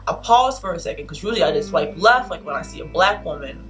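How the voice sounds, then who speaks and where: A woman in her twenties vlogging, telling a story in an animated, exasperated, emphatic way. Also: lowish voice, quick pace, hardly any pauses, soft background music. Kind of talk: casual storytelling vlog.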